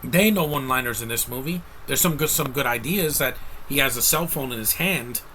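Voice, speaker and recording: A man's voice: medium pitch, a little fast, sharp tone, slight background noise, rough recording. A man giving a casual, rambling movie review rant, blunt and exasperated, with frequent restarts.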